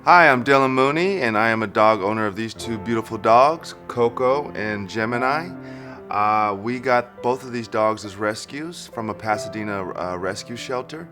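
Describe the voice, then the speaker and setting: Man, dog owner, friendly and relaxed, lowish voice, music bed. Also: moderate pace. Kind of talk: documentary interview.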